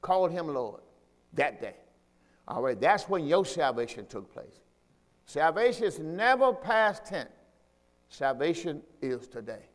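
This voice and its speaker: A man's voice: a little high, very animated, a little slow, big-room sound. A man preaching a sermon as pastor in a church. He teaches emphatically, repeats key points and calls on the congregation to say lines back with him. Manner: call-and-response preaching, asks congregation to repeat; repetitive, emphatic teaching delivery.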